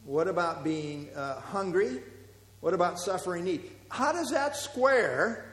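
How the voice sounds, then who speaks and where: A man's voice: high-pitched, lively intonation, unhurried, a bit bright. A man teaching a Bible class, explaining verses and putting questions to the group, with frequent fillers. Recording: roomy hall with long reverb.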